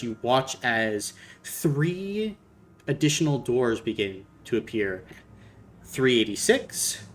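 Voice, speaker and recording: A man narrating scenes as the game master of a tabletop role-playing game. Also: medium pitch. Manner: unhurried descriptive narration. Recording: faint background music.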